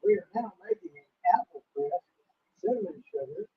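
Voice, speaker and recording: A man's voice: sits high, huge pitch swings, moderate pace, husky, no room sound. A man co-hosting a casual livestream, chatty and folksy, reading viewer comments aloud. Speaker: co-host. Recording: dull lo-fi stream audio.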